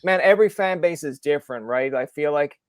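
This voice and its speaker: A man from Newfoundland hosting a casual podcast chat, joking and acting out loud bits with a high voice. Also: a little fast, dry recording, clean studio sound. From Newfoundland, Canada. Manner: jokey, acts out loud high-pitched bits. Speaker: podcast host.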